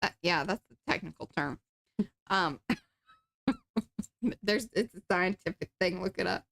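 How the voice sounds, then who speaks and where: A woman's voice: lowish voice, unhurried, gravelly, fairly bright tone, a little hiss or hum. A woman co-hosting a live art stream, joking and chatting, and reading viewer comments aloud. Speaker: co-host. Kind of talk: casual chat during a live art stream.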